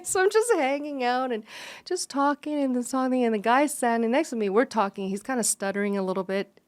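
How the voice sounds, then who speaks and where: Middle-aged woman, interview guest, animated storyteller with a slightly high voice, laughs through her lines. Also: brisk. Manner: lively, laughing, acts out quoted voices.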